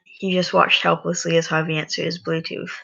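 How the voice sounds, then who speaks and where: Tired, gravelly home story reader. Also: mid-range voice, level tone, sharp tone, highs cut off. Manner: halting, with restarts and sighs. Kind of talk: casual reading aloud of a story.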